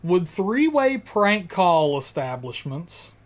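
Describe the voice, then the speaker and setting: A man's voice: high voice, very animated, slow. A man co-hosting a late-night horror talk stream, loose and crude, with a habit of slipping into impressions. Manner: jokey and crude, breaks into impressions and laughter. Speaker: co-host of a horror podcast stream. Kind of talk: casual live-stream chat.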